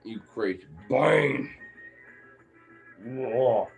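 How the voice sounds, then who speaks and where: A man's voice: medium pitch, drawn-out words, gravelly, soft background music. A young man talking playfully to his dogs, teasing them and swearing as he goes. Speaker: dog owner vlogger. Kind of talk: casual talk to his dogs.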